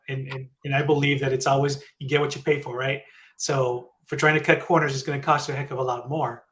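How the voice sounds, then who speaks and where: A man's voice: medium pitch, a bit bright. Male talk show host addressing viewers. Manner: friendly, addresses viewers directly.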